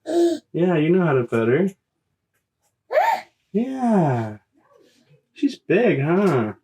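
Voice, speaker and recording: A parent using gentle, coaxing baby talk to a small child, repeating words slowly and reassuring the child. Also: mid-range voice, sing-song, slightly rough. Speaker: parent showing animals to a toddler.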